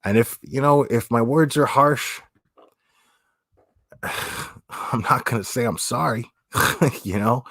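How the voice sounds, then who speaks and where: Blunt, husky-voiced man ranting on stream. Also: mid-range voice, fairly bright tone, dry recording, clean studio sound. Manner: blunt, swearing, repeats phrases, says "man" often. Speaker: livestream host. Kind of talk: blunt opinionated livestream talk.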